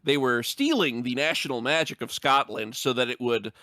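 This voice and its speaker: A man's voice: medium pitch, normal speed, sharp tone, no room sound, studio quality. A man chatting casually on a podcast, wry and asking long winding questions. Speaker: podcast panelist.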